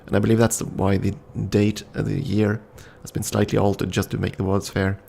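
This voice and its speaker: A man's voice: on the low side, flat delivery, brisk, vocal fry, warm tone, slight background noise. A man casually commenting on a story game and reading its text aloud, thinking aloud with frequent ums. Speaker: game streamer.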